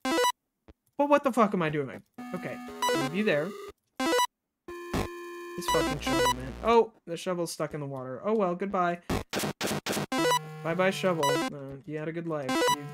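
A livestreamer giving live gameplay commentary, frustrated and swearing a lot, talking to themself and to chat, swinging from low muttering to sudden loud outbursts. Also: animated, measured pace, pauses often, over loud music.

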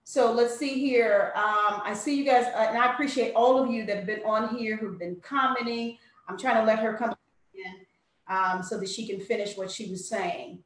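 A high-voiced woman hosts a live stream over a video call. Her voice sounds far from the mic and very echoey. She speaks sympathetically and often mentions faith. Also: moderate pace. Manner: sympathetic, speaks of God and prayer. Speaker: host of an online talk show.

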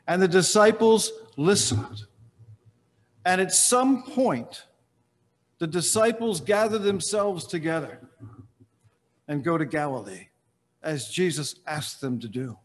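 A man preaching a sermon as pastor, telling the story with dramatic pauses and letting phrases trail off softly. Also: fairly high pitch. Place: large church sanctuary. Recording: reverberant church hall.

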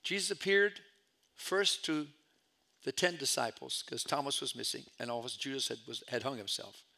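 Bright-voiced preacher man, storytelling sermon. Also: medium pitch, normal speed, vocal fry. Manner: storytelling preacher, swings from loud calls to hushed asides. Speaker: pastor.

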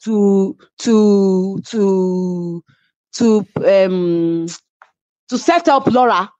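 In a mid-range, mellow voice that draws out her words, a Nigerian-accented woman from a reality show recounts her side during an interview. Emphatic and animated, she keeps asking listeners "do you understand?"; the sound is dull lo-fi without echo.

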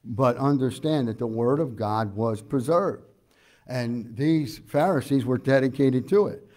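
A man preaching an expository sermon as pastor. He explains scripture verse by verse, asks the congregation questions and often pauses on "uh". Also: medium pitch, a little mellow. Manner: preaches conversationally with frequent "uh" fillers.

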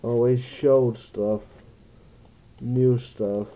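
Very dark-voiced man thinking aloud. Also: medium pitch, steady tone, drawn-out words. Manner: musing, thinking aloud, jokey asides. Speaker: let's play gamer. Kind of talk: casual gameplay commentary.

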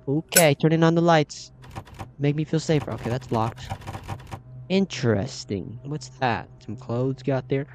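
A man's voice: mid-range voice, measured pace, darkish tone. A young man hosting a horror game let's play, easily startled and talking to himself and his viewers as he goes. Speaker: gaming channel host.

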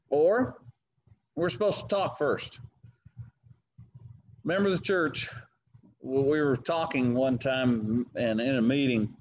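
A middle-aged Southern man teaches a church Bible study in a relaxed, folksy way, weaving personal stories around scripture quotes. His voice sits a bit high for a man. A faint hiss of background noise runs under the recording. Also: low-quality recording. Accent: Southern American. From American South. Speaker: preacher leading Bible study.

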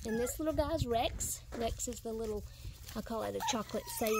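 A woman's voice: a little high, brisk, gravelly, heavy background noise. A woman, a dog breeder, casually narrating a video and talking to her puppies in sing-song baby talk. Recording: loud puppy whimpers behind. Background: puppies whimpering.

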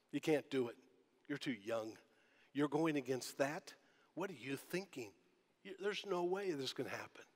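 A man preaching a sermon as pastor, talking in a conversational way and asking the congregation rhetorical questions. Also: medium pitch. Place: church sanctuary. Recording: long church hall reverb.

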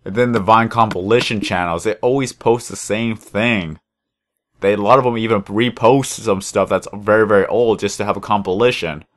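A man's voice: fairly low pitch, steady tone, normal speed. A young man hosting a gaming video, chatting casually and rambling in a laid-back way over a headset while he plays. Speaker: gaming channel host. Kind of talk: casual chat while playing a game.

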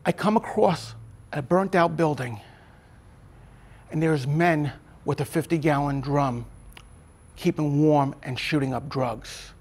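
A man's voice: a little high, slow, pauses often, darkish tone. A middle-aged man, a former corrections officer, earnestly telling his life story in an interview and acting out the voices of the people in it.

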